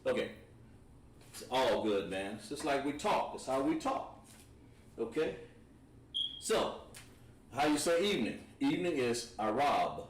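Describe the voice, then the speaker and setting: A man teaches an online language class at a whiteboard, explaining things step by step in a relaxed way as he writes on the board. His medium-pitched voice is unhurried, with long pauses, and the mic sits at a distance in an echoey room.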